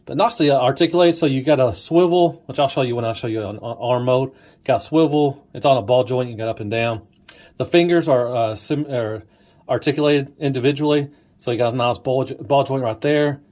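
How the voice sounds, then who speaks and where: A man casually reviewing an action figure, pointing out details with enthusiasm and dropping to a hushed, admiring tone at times. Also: medium pitch, brisk. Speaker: toy reviewer. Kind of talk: casual toy review walkthrough.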